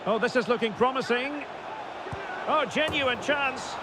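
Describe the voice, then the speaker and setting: A man playing a seasoned football commentator in a video game, a polished broadcaster who calls the action and rises to loud, excited calls. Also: extremely high pitch, measured pace. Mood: lively play-by-play. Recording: game audio under loud background noise.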